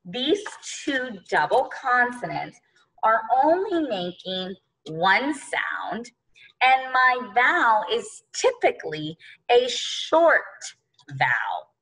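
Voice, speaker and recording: Woman, teacher, very slow deliberate delivery, bright voice, sounds out letters one by one. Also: on the high side, very animated, poor audio. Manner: addresses children as friends, boys and girls. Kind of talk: early-grade phonics lesson.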